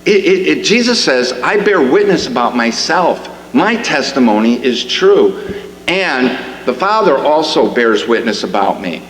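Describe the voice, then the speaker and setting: A man's voice: mid-range voice, very animated, unhurried, fairly bright tone. A man preaching a sermon in a church, conversational and rising to emphatic questions, with frequent restarts. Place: church sanctuary. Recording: echoey hall with faint hum.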